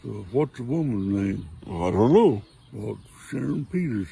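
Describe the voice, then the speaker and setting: A man's voice: medium pitch, animated, a little slow, creaky, warm tone, slightly rough, poor audio. An older man telling dirty jokes outdoors in a folksy, rambling way, leaning on lots of "well"s. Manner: folksy rambling delivery with many wells. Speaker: joke teller.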